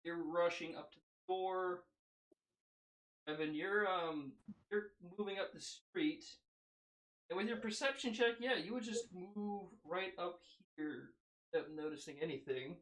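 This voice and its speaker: A man running a tabletop game as game master, relaxed and pausing now and then to check his notes. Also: sits high, roomy sound, low-quality recording.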